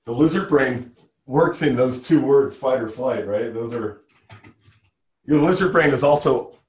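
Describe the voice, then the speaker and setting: A man leading an interactive workshop, energetic and coaxing, who keeps firing questions at the group. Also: medium pitch, a little slow, slightly rough. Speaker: workshop leader.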